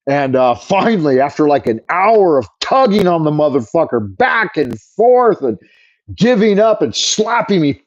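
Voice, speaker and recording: Male livestream host, foul-mouthed embellishing storyteller, slightly higher voice, dry muffled earbud sound. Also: lively intonation, normal speed, dry recording. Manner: profane, exaggerating, rambling. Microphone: wireless earbud mic.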